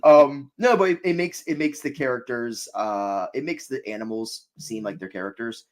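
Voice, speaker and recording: A man's voice: medium pitch, normal speed. A man co-hosting a casual show review, upbeat and rambling, laughing often. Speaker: podcast co-host.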